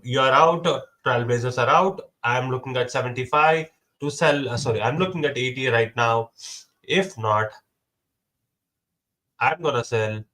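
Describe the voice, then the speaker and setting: A young man runs a casual mock auction. He keeps repeating the latest bid and calls on each side by name. He counts down briskly before every sale, at a middle pitch for a man. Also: a bit bright.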